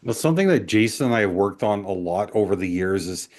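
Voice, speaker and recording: A man co-hosting a podcast, speaking in a reflective, measured way. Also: fairly low pitch, lively intonation, darkish tone. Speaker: podcast co-host. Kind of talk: casual podcast conversation.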